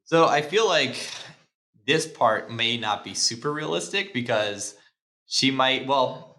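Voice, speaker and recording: A man's voice: medium pitch, expressive, takes it slowly, sharp tone. A man hosting a podcast, breaking down movie scenes in casual chat, laid-back, swearing and laughing often. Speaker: podcast host. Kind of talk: casual film-analysis chat.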